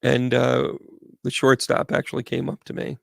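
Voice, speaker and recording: A man's voice: mid-range voice, moderate pace, vocal fry, dry recording, studio quality. A middle-aged man, hosting and telling a rambling story in a chatty way, with frequent restarts. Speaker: host, medium. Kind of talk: casual storytelling to a live audience.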